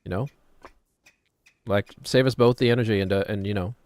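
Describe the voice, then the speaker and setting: Low-voiced rambling streamer, New Zealand accent. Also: male voice, steady tone, fairly quick, darkish tone, dry recording. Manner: rambling, joking, self-deprecating. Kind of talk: casual chat while gaming.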